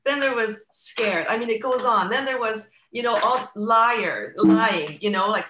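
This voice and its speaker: A woman's voice: on the high side, unhurried, sharp tone, roomy sound, slight background noise. A middle-aged woman, a guest telling her own recovery story in an earnest, reflective way, often restarting mid-thought. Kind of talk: candid personal storytelling.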